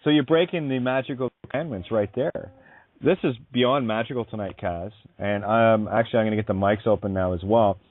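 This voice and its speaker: A man's voice: fairly low pitch, brisk. A man hosting a spiritual talk radio show, effusive and rambling, calling his guest honey. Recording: dry tinny phone-like line.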